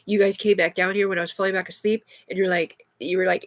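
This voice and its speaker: A middle-aged woman talks on a livestream in a restless, rambling way, cursing as she goes. Her voice sits at an ordinary pitch for a woman. The recording is dry, with no room sound around her. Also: little pitch movement, fast, no room sound. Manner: agitated, profane, rambling.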